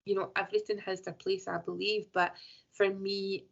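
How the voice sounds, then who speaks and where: A woman's voice: medium pitch, flat delivery, normal speed, creaky. A woman tarot reader talking thoughtfully in a casual interview, often circling back with "you know". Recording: dull lo-fi audio.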